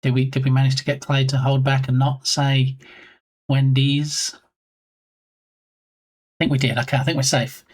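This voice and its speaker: A man's voice: medium pitch, monotone, normal speed, pauses often, darkish tone. A man streaming live and chatting casually with his viewers in a playful, teasing way. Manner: playful, jokey, teasing chat.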